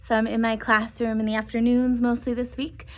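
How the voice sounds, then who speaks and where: High-voiced teacher reading to kids. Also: female voice, little pitch movement, fairly quick. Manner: asks children questions. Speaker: first grade teacher. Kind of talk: reading aloud to children. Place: classroom.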